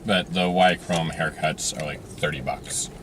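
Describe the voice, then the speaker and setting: Deep-voiced man in a noisy car. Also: steady tone, a little slow. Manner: brief, laid-back replies. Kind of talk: casual chat.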